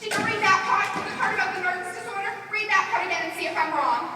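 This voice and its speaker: A young woman playing a shrill, frantic petitioner. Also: fast talker, noisy background. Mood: indignant. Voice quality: shrill, melodramatic, wailing. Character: frantic, pleading, self-pitying woman petitioner. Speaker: student actor. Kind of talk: stage play acting. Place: school auditorium stage. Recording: echoey hall from far off.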